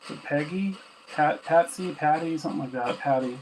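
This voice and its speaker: A man's voice: a little high, fairly quick, low-quality recording. A man at home running a ghost box session, who chats casually, asks spirits questions aloud and teases them about their answers. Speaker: paranormal investigator hosting a ghost box session. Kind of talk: casual spoken commentary while questioning spirits. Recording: steady static hiss from a ghost box.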